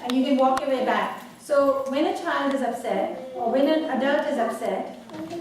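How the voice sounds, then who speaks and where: A woman's voice: sits high, moderate pace. Woman workshop presenter, coaxing and repetitive, recorded from a distance in an echoing hall. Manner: instructive, coaxing, repeats words. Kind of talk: live talk leading breathing exercises. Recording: echoey room from far off, noisy.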